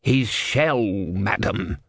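A man's voice: lowish voice, expressive, very slow, fairly bright tone, no room sound, clean studio sound, exaggerated voice. A man voicing a resigned, grumbling old male tortoise god who mutters sardonic remarks in a dull voice. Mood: dry.

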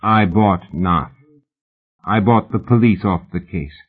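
A man voicing a wealthy old male collector, measured and formal, with a tinny, phone-like sound. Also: sits low, slightly rough, full character voice. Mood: cold.

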